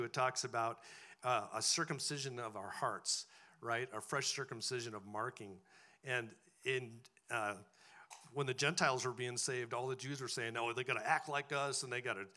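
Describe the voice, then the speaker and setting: A man preaching to his congregation in a relaxed, conversational way, often pausing to ask "right?" His voice sits at a middle pitch and has a bright, forceful edge. He talks as if speaking directly to the people in front of him. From farming background. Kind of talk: sermon.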